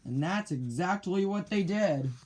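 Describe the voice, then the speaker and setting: A man reading a children's picture book aloud in a slow, clear storytelling manner. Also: high-pitched, lively intonation, a little mellow.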